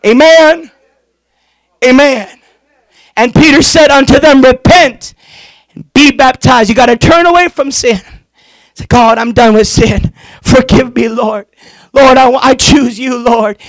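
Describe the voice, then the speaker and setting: A man pastor preaching a fervent sermon in a very high voice, calling on the congregation to answer him. He stretches out key phrases and breaks into shouts at the peaks. His voice is close and dry, with no room sound. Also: unhurried, pauses often, dry recording, rough recording. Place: church.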